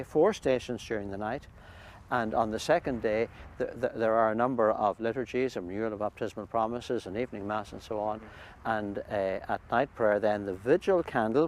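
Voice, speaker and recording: A man, a priest, describing a pilgrimage in a thoughtful, halting way with many restarts, recorded outdoors by a lake. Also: lowish voice, a little mellow. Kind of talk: conversational interview. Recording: faint outdoor background noise.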